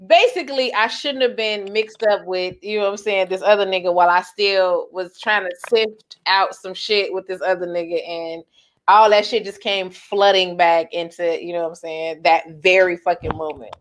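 A woman's voice: fairly low pitch, steady tone, moderate pace. Laughing, profane woman in casual chat. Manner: loose, profane, laughs often. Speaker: podcast co-host.

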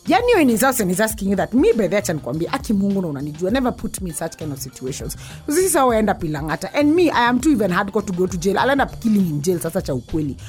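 A woman's voice: mid-range voice, big pitch swings, very fast, darkish tone, faint music behind. A woman with a Kenyan accent telling a story in a casual rant. She is blunt and swears a lot, switching between English and Swahili. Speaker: vlogger.

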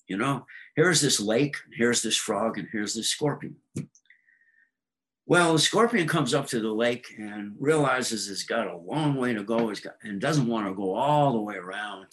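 A man's voice: medium pitch, a bit bright, poor audio. A man speaking as an astrology guest in casual talk, rambling with frequent ums and acting out voices in his stories. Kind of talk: casual explanatory conversation.

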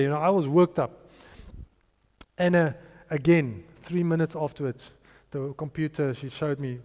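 Male preacher, storytelling sermon, higher voice, lively acted-out dialogue, reverberant hall. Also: normal speed. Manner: animated, acts out dialogue in changing voices.

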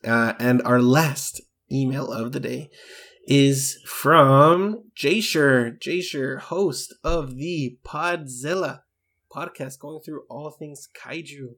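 A podcast co-host from England takes it slowly, his medium-pitched voice a bit bright. He chats with enthusiasm and plenty of fillers while reading out listener emails.

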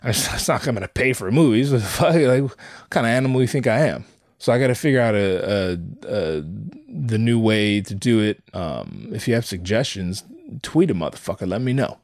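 A man in his thirties talking casually, rambling through stories with heavy swearing and animated asides. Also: medium pitch, no room sound, studio quality. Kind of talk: casual profane monologue.

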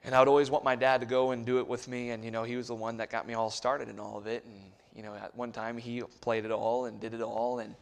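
A man's voice: medium pitch, flat delivery, fast, creaky, few pauses. Impassioned male missionary preacher. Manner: storytelling, swings from hushed asides to loud exhortation; call-and-response with the congregation. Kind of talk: sermon. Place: church sanctuary.

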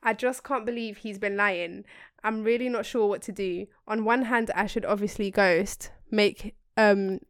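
A young woman co-hosting a podcast, reading a listener's email with slangy, animated asides. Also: mid-range voice, measured pace, clean tone, no echo, clean studio sound. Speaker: podcast co-host. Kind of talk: casual chat, reading a listener email aloud.

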